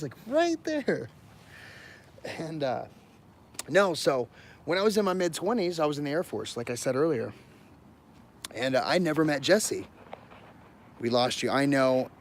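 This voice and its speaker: A man's voice: mid-range voice, slight background noise. A man livestreaming from his phone outdoors near his home. He tells a personal story in a casual, rambling way, with many fillers and apologies to his viewers.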